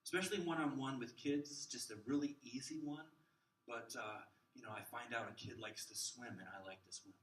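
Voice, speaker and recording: Man, middle-aged, workshop teacher, bright tone, roomy hall echo, faint room hum. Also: medium pitch, brisk. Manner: lively, joking, acts out examples in different voices. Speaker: children's ministry trainer. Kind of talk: teaching a workshop to a live group. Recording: roomy hall sound from a distant mic.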